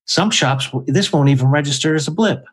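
A man's voice: a little high, fairly quick, husky, low-quality recording. A man, a podcast guest, explaining his views emphatically in casual chat.

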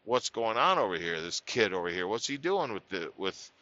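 A nosy billy goat asks what's going on, his voice dropped a little lower and laced with suspicion, as a man puts him on. The sound is hard and bright, dry, on a slightly dull lo-fi recording. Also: very animated, moderate pace, dry recording. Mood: suspicious. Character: curious male billy goat sizing up a kid.

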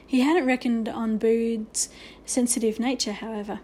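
A woman reading a children's novel aloud, expressive, with small slips and restarts. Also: fairly high pitch, measured pace. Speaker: narrator. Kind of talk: storybook reading.

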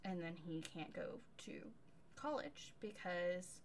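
A woman co-hosting a casual book-review podcast, recapping a novel in an animated, sarcastic way and swearing casually. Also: fairly low pitch, slow, a little hiss or hum. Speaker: podcast co-host.

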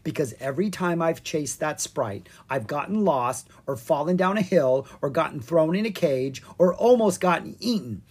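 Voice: medium pitch, expressive, normal speed, hardly any pauses, a little mellow, husky. A reader voicing a nervous, sarcastic young boy dragon in a children's storybook, speaking in a worried, dry and whiny way. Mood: wary. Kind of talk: storybook character voice.

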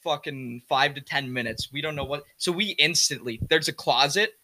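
A young man co-hosts a podcast and tells stories loosely, swearing and laughing. His voice is a little high, with a bright edge. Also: normal speed. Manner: crude, laughing storyteller. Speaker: podcast co-host. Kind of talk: casual chat.

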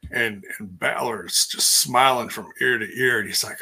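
A man's voice: medium pitch, moderate pace, few pauses, bright, forceful tone, slightly rough. A man hosting a casual live stream, rambling through a recap with lots of fillers and restarts while reading viewer comments. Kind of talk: casual chat.

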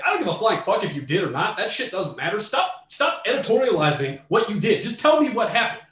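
A man giving a heated, profane rant while reacting to a story, shouting in bursts. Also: sits high, sing-song, a little fast, hardly any pauses, reverberant.

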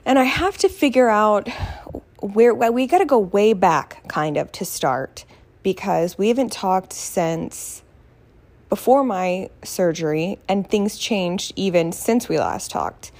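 A woman's voice: medium pitch, expressive, takes it slowly, a little mellow. A woman, hosting her podcast from home, chatty and self-mocking as she tells stories. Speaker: podcast host. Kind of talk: casual chat. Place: at home, not her usual podcasting room.

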